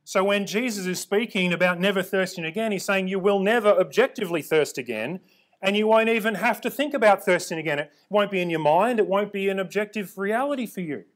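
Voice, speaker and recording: A man's voice: high-pitched, fairly quick. Emphatic man teaching Bible words. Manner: emphatic, repeats for stress, checks in with "all right?". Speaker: preacher.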